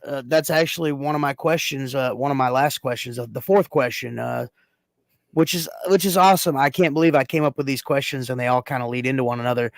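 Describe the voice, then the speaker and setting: A man's voice: medium pitch, creaky, no room sound. A man hosting a casual podcast chat, rambling and restarting often as he talks. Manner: rambling, halting, lots of uh and restarts. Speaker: podcast host.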